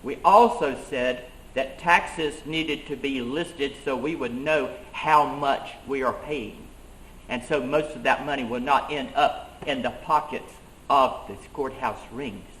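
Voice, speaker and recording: A man's voice: mid-range voice, slow pace, fairly bright tone, a little hiss or hum. A man playing an 18th-century colonial schoolmaster turned rebel leader, telling his story in first person with earnest emphasis. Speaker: living-history reenactor. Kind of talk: first-person historical reenactment monologue. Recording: roomy echo.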